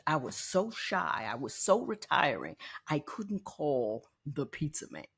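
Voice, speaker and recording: A woman in her sixties hosting a podcast, telling a personal story in a candid, animated way and often repeating words as she thinks. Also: low-pitched, unhurried, gravelly, husky. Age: 60s. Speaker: podcast host.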